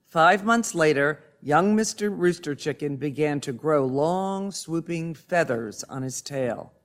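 Man reading a kids story, slow and gentle, kinda high voice. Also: lively intonation.

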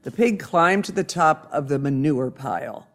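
A man reading a children's storybook aloud in a gentle, soft-spoken way. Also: fairly high pitch, normal speed.

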